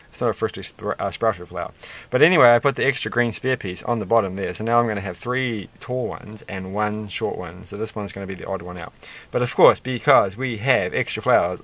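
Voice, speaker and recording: A man's voice: lowish voice, a bit bright. Rambling man chatting while building Lego. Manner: chatty, rambling, self-amused asides. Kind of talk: casual rambling build commentary.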